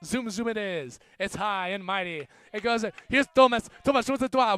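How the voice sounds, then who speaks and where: A young man calling an amateur rugby game play-by-play, joking between plays and getting louder on big runs. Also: high-pitched, moderate pace, hardly any pauses, clear, resonant tone. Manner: jokey, rising to excited shouts on big plays. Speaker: student play-by-play commentator. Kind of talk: amateur sports commentary.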